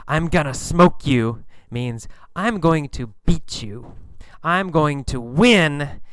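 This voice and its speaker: Male teacher, vocabulary lesson, patient, repetitive, acts out examples, crisp, close and dry. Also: medium pitch, a bit bright, dry recording. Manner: slow, patient, repeats words and examples; acts out lines and engine sounds with bursts of volume. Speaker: English teacher. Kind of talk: vocabulary lesson explaining slang.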